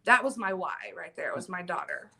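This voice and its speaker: A woman's voice: on the low side, expressive, a little fast, vocal fry, pushed and bright. A middle-aged woman telling her story animatedly as an interview guest, with lots of ums and emphasis.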